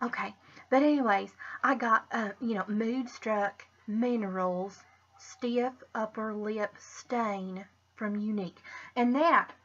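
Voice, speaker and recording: A woman talks through a casual makeup tutorial in a bright, husky voice, rambling and often restarting her thoughts. She drifts into muttered asides to herself. The recording is dull and lo-fi. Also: medium pitch. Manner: rambling, restarts with "but anyways". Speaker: makeup vlogger.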